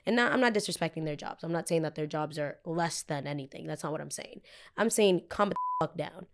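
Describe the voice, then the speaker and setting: This young podcast host in her twenties speaks in a low voice at a slightly quick clip. Her heated, profane story is told casually, and she performs the voices of everyone she quotes.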